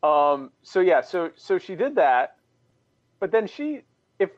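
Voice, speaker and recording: A man co-hosting a casual political podcast, talking in a mocking way and pushing his voice high for effect. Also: big pitch swings, slow, no echo, dull audio. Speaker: co-host.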